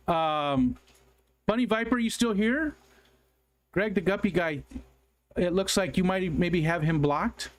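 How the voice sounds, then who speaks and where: His voice sits high with lively intonation, and he speaks slowly, pausing often. The American man hosts a casual livestream, reading viewer comments aloud and chatting in a rambling, apologetic way with many ums and restarts.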